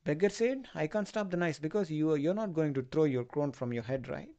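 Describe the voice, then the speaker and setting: A man lecturer, retelling a play for a class in loose, halting phrasing with many fillers. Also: on the high side, animated, mellow, lo-fi sound. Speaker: literature lecturer.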